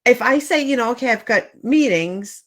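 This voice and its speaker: A woman's voice: a little high, lively intonation, moderate pace. A middle-aged woman co-hosting a podcast, chatting casually with lots of fillers and amused asides. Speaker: podcast co-host. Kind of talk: casual chat.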